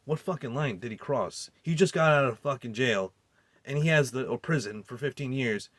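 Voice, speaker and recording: A man's voice: medium pitch, moderate pace, a bit bright, no echo. A man giving a heated, profanity-laced film recap and review, rambling and incredulous. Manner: rambling with restarts and fillers. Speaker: movie reviewer.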